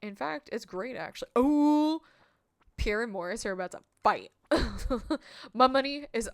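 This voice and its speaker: Bubbly high-voiced woman streamer. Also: lively intonation, measured pace, no room sound, clean studio sound. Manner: bubbly, chatty, reads chat messages aloud. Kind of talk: live-stream gameplay chat.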